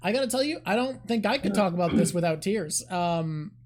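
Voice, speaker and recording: A woman's voice: medium pitch, animated, a little fast, darkish tone. A woman co-hosting a livestream in a teasing, laughing way. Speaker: co-host. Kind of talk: casual livestream chat.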